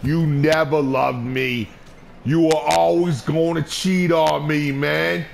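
Man, let's play commentary, taunting and profane, slow talker, faint hiss behind. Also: on the high side, steady tone, creaky. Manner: trash-talking, profane, taunting; repeats short phrases over and over. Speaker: gamer.

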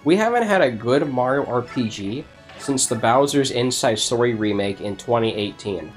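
A man's voice: mid-range voice, expressive, moderate pace, faint music behind. A man hosting a let's play, chatting casually in a rambling way and laughing often. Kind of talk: casual gaming chat.

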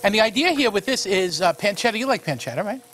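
A man's voice: high-pitched, lively intonation, fast, a bit bright, slight background noise. A man hosting a cooking show, chatting folksily while he cooks. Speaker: cooking show host, a monsignor.

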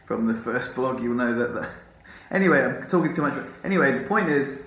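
A man's voice: medium pitch, lively intonation, fairly quick, fairly bright tone. A man vlogging casually from a rehab ward, rambling, drowsy from morphine, swearing and laughing often. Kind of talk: casual vlog chat. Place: rehab hospital room. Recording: roomy echo.

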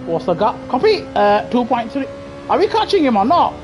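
Excitable high-voiced woman streamer. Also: a little fast, music in the background. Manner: excitable, trash-talking other drivers, bursts into shouting. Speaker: gaming streamer. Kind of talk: live racing gameplay commentary.

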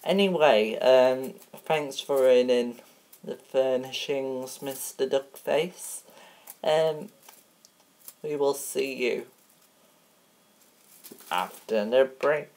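A woman with an unusually deep voice playfully hosts a mock TV show, talking slowly. She rambles, jokes and teases, slipping into sing-song and leaning on filler sounds. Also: a little mellow. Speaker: show host.

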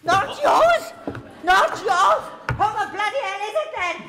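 Someone playing a swooning old granny. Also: female voice, sits high, animated, normal speed, a bit bright, roomy sound, long reverb tail, some chatter behind. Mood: outraged. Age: older. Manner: theatrical, swooning, then indignant. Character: frail elderly grandmother, dramatic and fainting.

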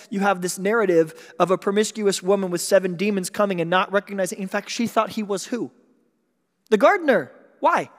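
A male pastor preaching in a church, his voice sitting a little high for a man. He talks in a lively, conversational way, breaking into jokes and quick asides. A long reverb trails behind every line. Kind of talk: sermon. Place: church sanctuary.

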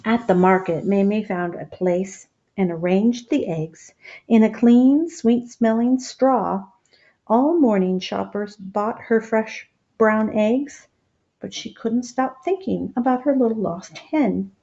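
A woman reads a children's picture book aloud at a slow, unhurried pace, stopping to explain the story to young listeners. Her voice is dark and mellow, and the recording sounds dull and lo-fi. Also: mid-range voice. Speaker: storybook reader.

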